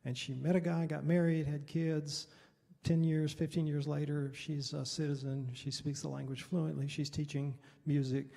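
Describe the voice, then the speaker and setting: Man, pastor, conversational storytelling, mellow gravelly voice, middle-aged. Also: a little high, little pitch movement, normal speed. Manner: conversational, rambling, with chuckles. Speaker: Baptist pastor and missionary. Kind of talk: storytelling talk at a Bible study. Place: church hall. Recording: reverberant hall.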